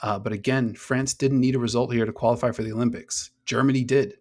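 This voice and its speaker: A man's voice: medium pitch, fairly even intonation, fast. A man co-hosting a casual women's soccer podcast, enthusiastic, swearing freely and rattling off player names. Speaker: podcast co-host. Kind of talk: casual sports chat.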